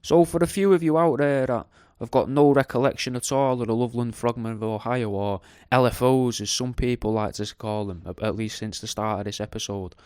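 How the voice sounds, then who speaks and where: A man's voice: mid-range voice, steady tone, brisk, a little mellow, clean tone, dry recording. Male podcast host, rambling and jokey, resonant voice, close dry sound. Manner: rambling, jokey, sweary, slangy. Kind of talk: casual monologue.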